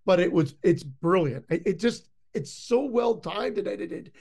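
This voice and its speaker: A man co-hosting a podcast in casual film talk, enthusiastic and halting as he retells favorite jokes. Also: high voice, expressive, vocal fry, a little mellow, husky. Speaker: podcast co-host. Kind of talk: casual movie review chat.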